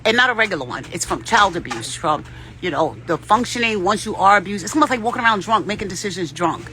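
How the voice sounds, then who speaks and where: A woman's voice: medium pitch, lively intonation, fast talker, sharp tone. A woman vlogger giving rambling, profane spiritual advice in a casual talk, often laughing.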